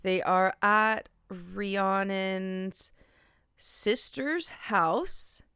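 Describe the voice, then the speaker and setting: A woman's voice: medium pitch, drawn-out words, sharp tone, clean tone, no echo, clean studio sound. A woman co-hosting a podcast, chatting casually about a book, correcting herself and laughing at her own slips. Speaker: podcast co-host.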